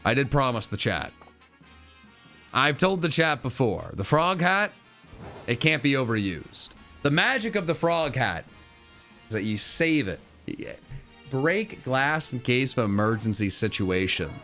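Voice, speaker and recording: A man's voice: mid-range voice, very animated, a little slow, a bit bright, soft background music. Playful streamer guy chatting w his viewers, swings his voice all over, very dramatic. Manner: playful, theatrical, talks to chat. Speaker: gaming streamer. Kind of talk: live stream commentary and chat reading.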